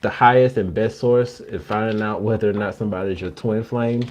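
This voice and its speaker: A man co-hosting a livestream, explaining things in a measured, casual way with many pauses. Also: fairly low pitch, steady tone, a little mellow. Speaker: co-host.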